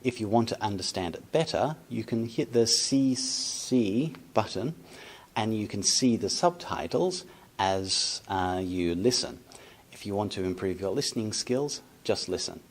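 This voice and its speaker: A man's voice: lowish voice, expressive, measured pace. A man teaching an English pronunciation lesson, patiently breaking phrases into single sounds and quizzing the viewer.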